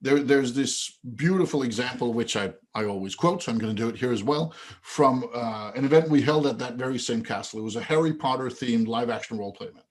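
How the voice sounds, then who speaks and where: A man guest on a podcast interview, telling an anecdote with lively acted-out dialogue. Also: mid-range voice, brisk, hardly any pauses. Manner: animated storyteller who acts out quoted dialogue. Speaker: guest, event organizer.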